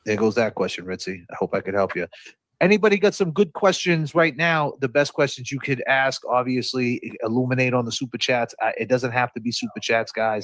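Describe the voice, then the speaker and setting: A man's voice: medium pitch, a bit bright, no echo. A man hosting a casual livestream over a video call, loose and chatty, talking straight to his viewers. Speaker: livestream host.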